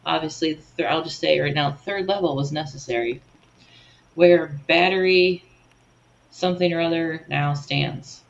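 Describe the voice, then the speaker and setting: Gravelly low-voiced woman chatting on a livestream. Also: moderate pace, lo-fi sound. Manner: self-deprecating, stumbles over words and laughs. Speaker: co-host of a livestream slideshow. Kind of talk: casual live chat over photos.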